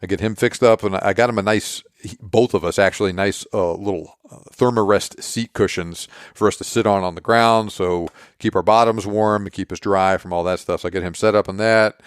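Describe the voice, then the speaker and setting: A man's voice: on the low side, steady tone, a little fast, clear, resonant tone, dry recording, clean studio sound. A man hosting a podcast, casually recapping a story and acting out quoted dialogue. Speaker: podcast host.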